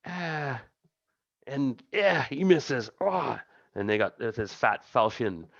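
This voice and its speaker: A man narrating as game master, chuckling and halting with many restarts. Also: mid-range voice, animated, vocal fry, a bit bright, no room sound, highs cut off.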